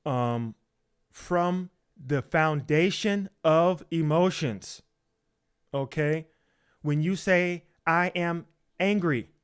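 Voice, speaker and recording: A man's voice: fairly high pitch, clear, resonant tone. A man preaching emphatically, repeating his points, asking rhetorical questions and often checking in with "okay?".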